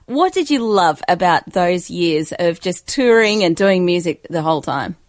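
A woman's voice: on the low side, very animated, moderate pace, no echo, studio quality. A woman hosting an interview, asking curious questions in a conversational way. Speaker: host. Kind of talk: interview host.

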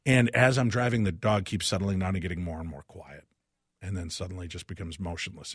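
A man guest-hosting a talk radio show, telling a personal story in an animated way and acting out each person's lines. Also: low-pitched, a little fast, slightly rough, no echo, clean studio sound.

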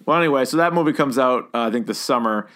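A man co-hosting a casual podcast chat, joking and animated, sometimes jumping into a high mock voice. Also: quick pace. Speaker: podcast co-host.

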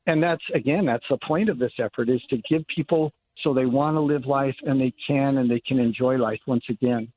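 A man's voice: mid-range voice, fairly even intonation, a little fast, hardly any pauses. Older man on a tinny phone line. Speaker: congressman, guest. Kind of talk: radio interview by phone.

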